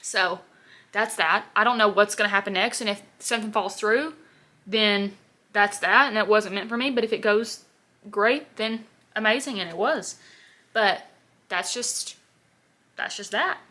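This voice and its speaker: A young woman in her twenties with a bright, forceful voice chats through her makeup routine in a loose, rambling way. She leans on constant "like" fillers and talks at a middle pitch, in an easy get-ready-with-me vlog style. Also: measured pace. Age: 20s. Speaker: beauty vlogger. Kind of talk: casual get-ready-with-me chat while doing makeup.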